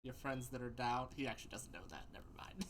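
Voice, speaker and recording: A man running a tabletop game as game master, unhurried and self-deprecating, laughing often. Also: mid-range voice, fairly bright tone, a little hiss or hum.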